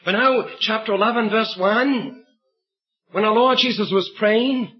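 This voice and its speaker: This sermon comes through a dull lo-fi recording: a man with a high, breathy-edged voice and measured pace reads scripture and tells an illustrative story, storytelling emphatically and shouting now and then for emphasis.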